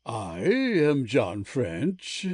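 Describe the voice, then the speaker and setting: A man voicing a middle-aged English gentleman turned simple farmer in an amateur full-cast dramatic reading, explaining in a measured, earnest way. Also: mid-range voice, expressive, vocal fry, dry recording.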